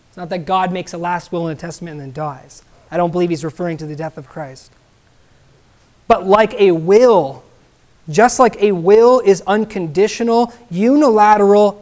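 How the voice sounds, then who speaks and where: Male pastor, emphatic expository sermon, keeps checking in with "right?". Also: high voice.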